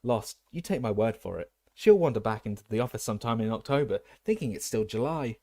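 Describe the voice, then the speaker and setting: A man's voice: on the low side, expressive, fairly quick, a little mellow. A man voicing a jovial, careless middle-aged male sports official who speaks breezily and heartily. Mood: breezy.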